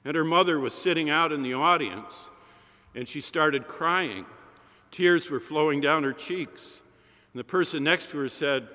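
A man's voice: fairly high pitch, measured pace, sharp tone, big-room sound. A man preaching a sermon in a chapel, telling a story in rhythmic, repeated cadences.

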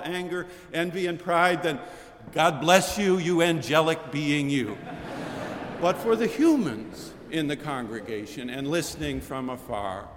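A man's voice: fairly high pitch, fairly bright tone. Older man preaching in a reverberant chapel. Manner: measured, rhetorical cadence with lists and repetition. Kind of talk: sermon. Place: large chapel.

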